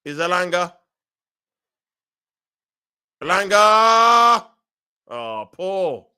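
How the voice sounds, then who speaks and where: A man giving excitable, emotional live commentary on a football match, groaning and shouting at the action in slangy talk. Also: on the high side, measured pace, clear, resonant tone. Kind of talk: excitable fan watch-along commentary.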